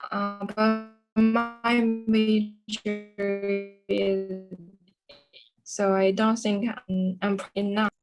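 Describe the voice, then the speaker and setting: A woman's voice: medium pitch, level tone, darkish tone, faint music behind, poor audio. Hesitant woman with a Chinese accent. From China. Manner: hesitant, halting, many restarts. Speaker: student. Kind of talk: exam speaking practice.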